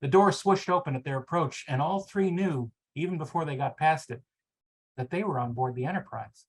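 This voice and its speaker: A man hosting a podcast who chats casually and reads narration from a book. His narration is steady, and his chat is full of fillers. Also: on the high side, normal speed, breathy edge, rough recording. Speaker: podcast host. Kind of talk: casual chat and reading aloud.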